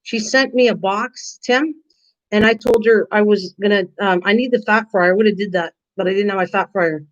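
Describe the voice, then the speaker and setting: An older woman hosting a casual live stream, rambling chattily and answering viewers' comments by name. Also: mid-range voice. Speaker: live-stream craft host. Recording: dull lo-fi stream audio.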